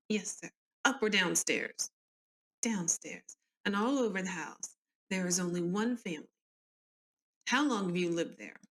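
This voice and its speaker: A woman's voice: mid-range voice, lightly acted. A woman reading as Adeline Churchill, Southern-accented witness. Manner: plain read-aloud testimony, polite. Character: older woman neighbor giving inquest testimony.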